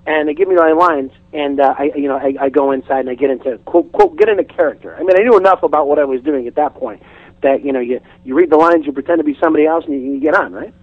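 A comedian guest on a radio talk show, a man telling an animated, chatty story and restarting his sentences often. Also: fairly high pitch, quick pace, no echo, narrow, tinny audio. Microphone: studio microphone.

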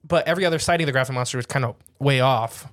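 A man chatting casually as a podcast co-host. He rambles with a joking edge and drags out the key words. The sound is dry and close, with a middling pitch. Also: fairly bright tone, no echo. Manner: rambling, jokey, slows to stress details.

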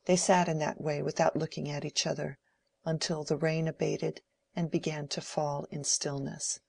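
A woman reading a classic novel aloud as an audiobook narrator, in a measured, steady way. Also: deep voice, creaky, husky, no echo. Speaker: audiobook reader. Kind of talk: scripted narration.

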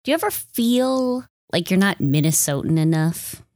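A woman's voice: lowish voice, lively intonation, normal speed, darkish tone, no echo, studio quality. A young woman from Wisconsin, co-hosting a casual podcast chat in a chatty, self-deprecating, joking way. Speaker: podcast co-host.

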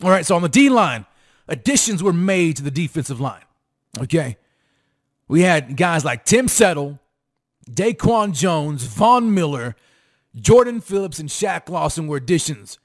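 A man's voice: on the high side, sing-song, measured pace. A man hosting a sports talk show, hyped and repetitive, with sing-song emphasis as he calls out to his fans. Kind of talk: fired-up sports commentary to fans.

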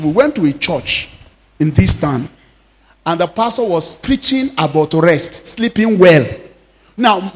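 A Nigerian pastor in his fifties delivers a lively sermon, slipping Yoruba phrases into his English. His voice sits high and leaps up and down, and he acts out the people in his stories. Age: 50s. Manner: animated storytelling, laughing often, acting out quoted speech.

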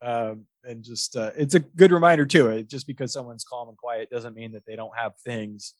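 Recorded dry, a male podcast host with a mid-pitched voice talks at a normal speed in relaxed conversation. His storytelling wanders, packed with fillers and restarts, and he breaks into laughter frequently.

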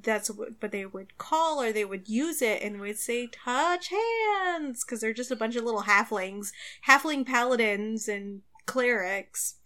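Woman, casual chat, somewhat high voice, chatty and giggly. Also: moderate pace, few pauses, bright, forceful tone. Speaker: podcast co-host. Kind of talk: casual chat about tabletop games.

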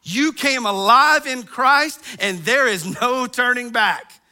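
A middle-aged pastor preaching with an animated, storytelling delivery. His voice is high and very bright, and it cuts right through. He acts out groans and sighs to bring his stories to life. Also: slow pace. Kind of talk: sermon.

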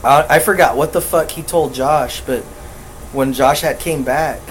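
A man's voice: fairly high pitch, measured pace, slight background noise, poor audio. A man co-hosting a podcast, telling stories in a profane, rambling, casual way. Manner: profane, rambling, animated storyteller. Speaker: podcast co-host. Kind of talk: casual storytelling chat.

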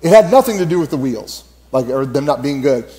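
A man's voice: medium pitch, expressive, fairly quick, dark tone. A man giving a casual, storytelling sermon at church, rambling with lots of fillers and frequent laughter. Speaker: church speaker.

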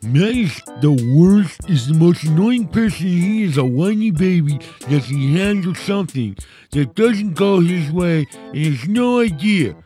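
A man voicing a petulant man-child writing a bad review, with a drawn-out, nasal, mocking whine. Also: sits high, darkish tone, pitched above the performer's own voice.

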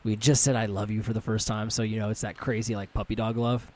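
A man's voice: lowish voice, flat delivery, fast talker, a little mellow. A young man co-hosting a podcast, casually telling stories and swearing freely between friends. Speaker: podcast co-host. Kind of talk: casual chat.

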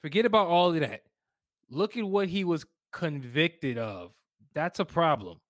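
A man's voice: a little high, animated, a little slow, fairly bright tone, no room sound, clean studio sound. A man co-hosting a podcast, arguing bluntly and swearing casually in banter. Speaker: podcast co-host.

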